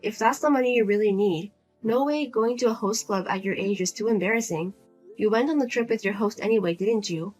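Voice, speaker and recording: A woman's voice: medium pitch, a little fast, a little mellow, soft background music, pitched below the performer's own voice, natural voice. A woman voicing a single adult daughter who speaks bluntly and coldly to her mother. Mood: firm, exasperated. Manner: blunt, cold, lecturing.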